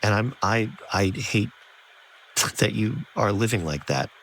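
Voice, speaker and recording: A man with a low voice hosting a podcast, speaking earnestly and searchingly with plenty of fillers. A faint hiss sits behind his voice. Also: expressive, a little slow, fairly bright tone, rough recording. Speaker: podcast host. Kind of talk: empathetic conversational interview.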